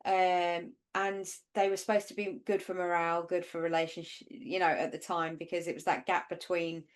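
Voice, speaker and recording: A woman's voice: on the low side, flat delivery, moderate pace. Woman co-host, northern English, loose rambling chat about old films. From Northern England. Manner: rambling, conversational, many fillers. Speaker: podcast co-host. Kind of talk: casual chat.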